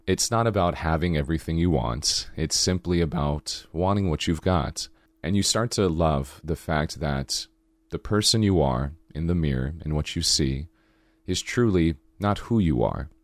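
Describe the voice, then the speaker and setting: Super deep guy doing his spiritual podcast, low sultry morning voice, really dry close sound. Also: dry recording. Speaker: podcast host.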